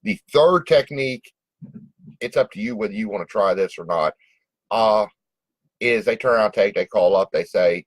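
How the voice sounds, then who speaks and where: A man's voice: fairly low pitch, moderate pace, no echo, rough recording. A man giving casual, direct business advice and acting out customer phone calls in a folksy way. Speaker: small business coach.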